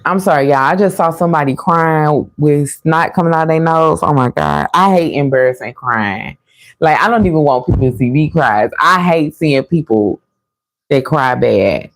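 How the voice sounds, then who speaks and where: A woman's voice: deep voice, lively intonation, moderate pace. A woman giving a casual, chatty tarot reading to her viewers, laughing often and calling them y'all. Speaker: tarot reader.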